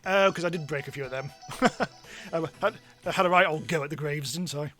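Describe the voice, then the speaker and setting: A man giving chatty, self-mocking live commentary as he streams a game, now and then bursting into excited yelps. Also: fairly high pitch, fairly quick, faint music behind. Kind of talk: live let's-play commentary.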